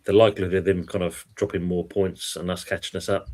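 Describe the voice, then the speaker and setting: A man's voice: low voice, little pitch movement, quick pace, darkish tone. A man hosting a casual football stream, chatting and reading out viewer comments. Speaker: podcast host reading live chat.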